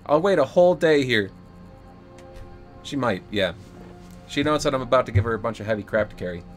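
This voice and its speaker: A man's voice: medium pitch, animated, brisk, faint music behind. A man live-streaming a video game, talking through his play in an exasperated, jokey way.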